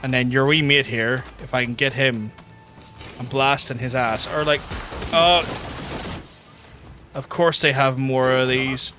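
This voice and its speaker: A man's voice: mid-range voice, steady tone, a little slow, pauses often. A young man commentating his own gameplay live, sweary and blunt, ranting between fights. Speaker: gaming streamer. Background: game music.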